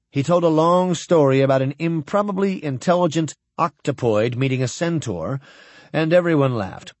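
A man narrating an audiobook in an expressive, steady storytelling manner. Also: a little high, moderate pace, no echo. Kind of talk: scripted narration.

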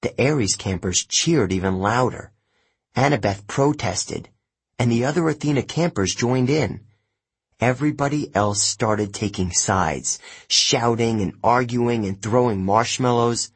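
A man narrating an audiobook in the first person, telling the story in a plain, measured way. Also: fairly low pitch, animated, husky.

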